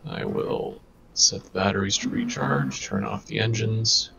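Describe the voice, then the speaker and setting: Gravelly low-voiced man gaming. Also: measured pace, highs cut off. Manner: relaxed, practical, talks through game tasks. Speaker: co-player. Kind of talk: casual chat while playing a game.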